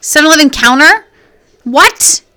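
Bright, sarcastic young woman. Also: high voice, lively intonation, normal speed. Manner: sarcastic, swears freely, exaggerated disgust. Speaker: co-host reading an article. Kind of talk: casual chat, mocking read-aloud.

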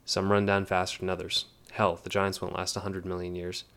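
A gruff, scornful male technician, read by a man in a deep voice that barely rises or falls. He talks bluntly, mocking his drinking partner in a storybook reading. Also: completely flat delivery, fairly quick, a bit bright. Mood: scoffing. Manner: blunt, scoffing.

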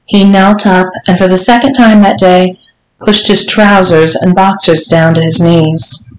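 A woman narrating a bedtime-style story in a measured, unhurried read-aloud. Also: lowish voice, fairly even intonation, a little hiss or hum. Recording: roomy echo.

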